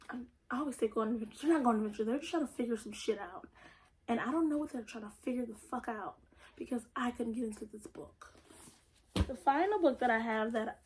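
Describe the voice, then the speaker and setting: A young woman talks through a casual book haul in a chatty, blunt way, tossing in the odd swear word. Her voice sits a little high. A faint hiss of noise runs under the recording. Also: darkish tone, low-quality recording. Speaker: vlogger.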